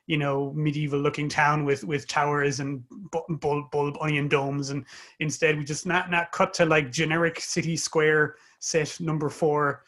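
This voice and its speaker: A man's voice: fairly high pitch, flat delivery, normal speed, fairly bright tone. A man in casual chat about a film, easygoing and joking with his co-host. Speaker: podcast co-host.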